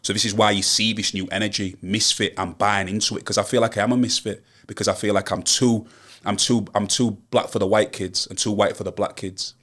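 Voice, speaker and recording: A man's voice: on the low side, fairly even intonation, a little fast, a bit bright. A young man with a Yorkshire accent, a rapper from Hull, talking earnestly and emphatically in a casual interview. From Hull, Yorkshire, England. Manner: earnest, emphatic, builds to rallying advice. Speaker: rapper, guest.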